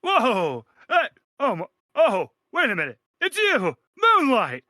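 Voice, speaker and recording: A man voicing an excitable, scruffy lone survivor of a cult, loud and gushing. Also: very high-pitched, slow, dry recording, studio quality, voice pushed up, heavily acted. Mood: excited. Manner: loud, gushing, bursting with surprise.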